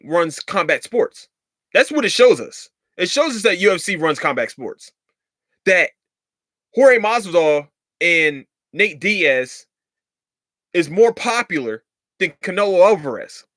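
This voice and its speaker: A man's voice: fairly high pitch, a bit bright, no room sound, clean studio sound. A man hosting a podcast, ranting in a heated, profane and sarcastic way, repeating lines for emphasis. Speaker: podcast host. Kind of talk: casual rant.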